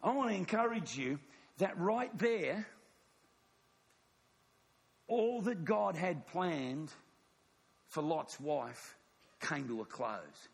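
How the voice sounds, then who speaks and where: A man preaching a sermon, telling a story with animated acted-out dialogue. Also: a little high, takes it slowly, gravelly, pauses often, slightly rough.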